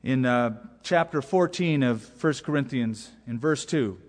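A man's voice: medium pitch, unhurried. A man, a pastor, preaching a sermon with emphatic, repeated key phrases. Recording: long hall reverb.

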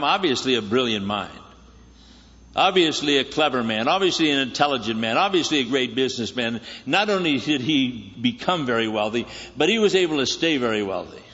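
A man's voice: mid-range voice, pushed and bright. A man preaching a sermon as a guest speaker, conversational and joking, often asking the congregation questions. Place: church sanctuary. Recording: echoey church hall, slightly dull sound.

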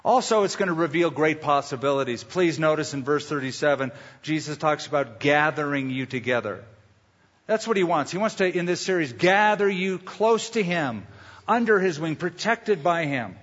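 Male pastor, emphatic storyteller, slightly high voice, lo-fi church recording. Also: animated, moderate pace, a bit bright. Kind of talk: sermon. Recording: lo-fi with long hall reverb.

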